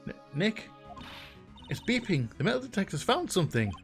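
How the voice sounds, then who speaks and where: A man putting on a high, eager voice for an excitable young woman sidekick in a video game, with quick breathless exclamations. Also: soft background music. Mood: excited.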